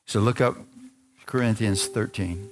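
A man's voice: lowish voice, unhurried. A man preaching, telling a personal story to a congregation and acting out the dialogue in it. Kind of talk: sermon testimony.

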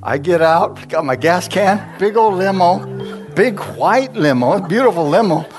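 Male preacher, storytelling sermon, conversational and jokey, slightly higher voice. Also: lively intonation, unhurried, faint music behind. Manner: chatty, laughs often, asks the congregation questions. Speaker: pastor.

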